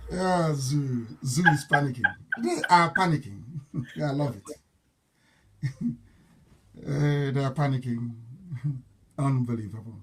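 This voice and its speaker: A man on a played live-stream clip who laughs often and shouts with exultant energy. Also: mid-range voice, takes it slowly, pauses often, noisy background.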